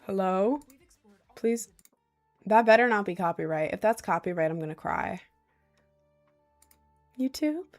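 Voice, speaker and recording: Young female streamer, mid-range pitch, vocal fry, loose and self-deprecating delivery. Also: moderate pace, pauses often. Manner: rambling, self-deprecating, giggly. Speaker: livestreamer reading chat. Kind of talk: casual livestream chat. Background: faint Celtic music.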